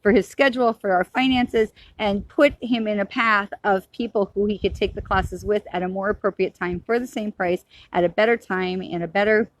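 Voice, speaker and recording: A woman's voice: medium pitch, fairly even intonation, normal speed, few pauses, dry recording. A middle-aged woman, a psychic medium, talking casually and earnestly in a rambling, reassuring way about spiritual matters. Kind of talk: casual spiritual talk to camera.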